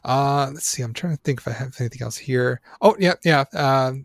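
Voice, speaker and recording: A man's voice: medium pitch, brisk, dry recording. A man in a casual movie discussion who reads trivia from his notes, with many fillers and frequent laughs. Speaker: podcast co-host reading trivia notes.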